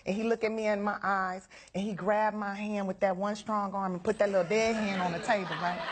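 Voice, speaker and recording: A woman telling a comic story in casual chat, animated and laughing, acting out the people in it. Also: fairly quick, few pauses, background noise. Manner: animated, laughing, high-energy, acts out voices. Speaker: storyteller guest.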